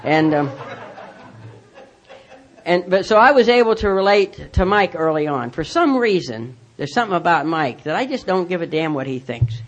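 A man's voice: a little high, expressive, normal speed, some chatter behind. A man telling a personal recovery story in a rambling way, full of restarts and self-mocking humor. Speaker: speaker sharing his recovery story.

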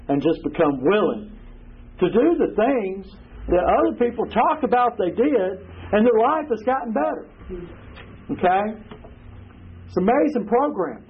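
A man's voice: sits high, breathy edge. A man giving his personal testimony at a recovery meeting, rambling and earthy, leaning on "you know". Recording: tinny phone-like recording with faint hiss.

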